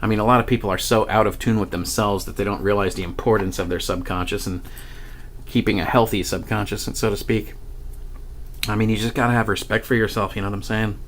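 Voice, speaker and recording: A man's voice: on the low side, fairly even intonation, quick pace, slight background noise. A man vlogging about a paranormal experience, rambling and profane as he tells the story, with frequent restarts and chuckles. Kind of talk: casual storytelling monologue.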